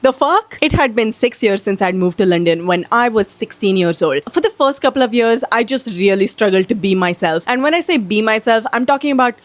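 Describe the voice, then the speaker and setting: A woman's voice: a little high, lively intonation, a little fast, few pauses. A young woman vlogging in a candid, self-mocking way, swearing freely as she chats. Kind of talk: casual confessional chat.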